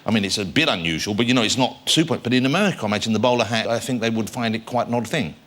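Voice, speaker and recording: A man's voice: lowish voice, rapid-fire, a bit bright. A British man hosting a television talk show in a studio, asking questions in a wry, teasing way. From England.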